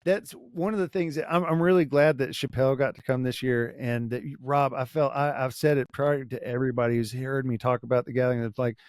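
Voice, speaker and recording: A man's voice: medium pitch, steady tone, fairly quick, hardly any pauses, darkish tone, no room sound, studio quality. A man hosting a podcast in casual chat, easygoing and peppering his talk with "dude" and "man.". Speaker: podcast host.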